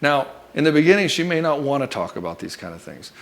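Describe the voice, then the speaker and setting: A man's voice: a little high, big pitch swings, fast, gravelly. A male relationship coach giving blunt, profane advice straight to the listener, calling him brother and not mincing words. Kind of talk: direct-to-camera advice monologue.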